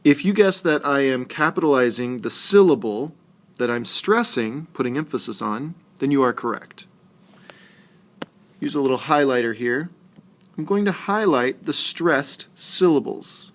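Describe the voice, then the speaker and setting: A man teaching a lesson on poetry rhythm, talking slowly and deliberately and stressing his syllables. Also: medium pitch, expressive. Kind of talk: screencast lesson narration.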